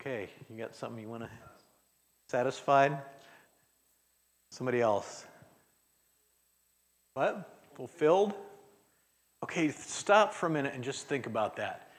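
A man's voice: medium pitch, expressive, a little slow, long pauses. A man preaching an interactive sermon in a church, talking casually, polling the congregation and acting out sample prayers. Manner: conversational, acts out prayers in voices, chuckles often. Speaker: guest speaker. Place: church sanctuary.

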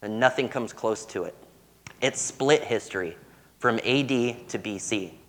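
A young man preaching a sermon, earnest and warm-humored as he tells stories. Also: medium pitch, a little slow, slight background noise.

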